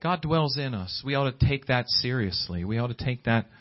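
A man's voice: medium pitch, animated, normal speed, highs cut off. A man preaching a sermon, often restarting his words and building in fervor. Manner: repetitive restarts, rising fervor.

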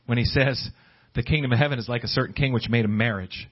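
A man preaching a sermon, swinging between high pleading exclamations and low hushed asides. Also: fast. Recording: dull lo-fi recording.

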